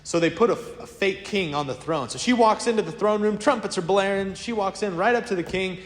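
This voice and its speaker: A man preaching a sermon as a priest, telling stories in a lively, conversational way. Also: high voice, fairly quick. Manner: lively storytelling, acts out quoted voices; casual, conversational preaching to a congregation. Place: church. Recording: echoey church with long reverb.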